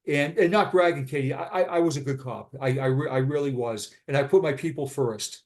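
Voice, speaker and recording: A man's voice: medium pitch, normal speed. A blunt man in his fifties with a Boston accent, telling his story as a retired police sergeant in a casual interview. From Boston, USA. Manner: blunt, frank.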